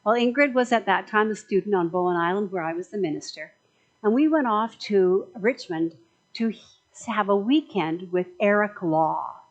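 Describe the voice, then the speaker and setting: A woman's voice: mid-range voice, moderate pace, dull audio. A woman minister giving a chatty, joking sermon in a conversational way.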